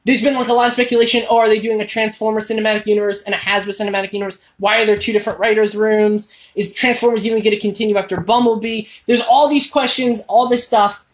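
Excitable fan host, quite high voice, rapid and self-interrupting. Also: male voice. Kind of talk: casual chat. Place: toy store.

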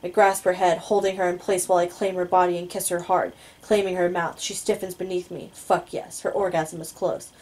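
Female audiobook reader; lower voice, steady first-person narration. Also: brisk, hardly any pauses, low-quality recording. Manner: steady, low-key storytelling with occasional stumbles. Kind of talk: first-person novel reading.

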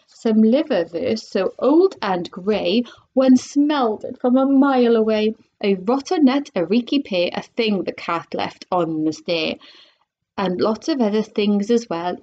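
A woman, a primary school teacher, reading a children's book aloud with playful, expressive delivery and little asides to her listeners. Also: medium pitch, lo-fi sound. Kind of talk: children's storybook read-aloud.

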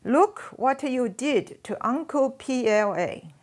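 A woman voicing a threatening male soldier with loud, clipped commands in a read-aloud memoir. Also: medium pitch, animated, takes it slowly.

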